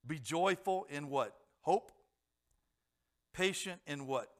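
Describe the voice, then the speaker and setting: A man's voice: a little high, expressive, takes it slowly. A middle-aged man preaching a sermon in a conversational way, asking the congregation questions and acting out voices. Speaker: pastor.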